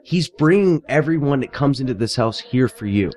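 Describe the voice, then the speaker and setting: A man's voice: medium pitch, lively intonation, normal speed, darkish tone. A man acting as a medium, bluntly passing on a spirit's messages in a casual chat, swearing freely.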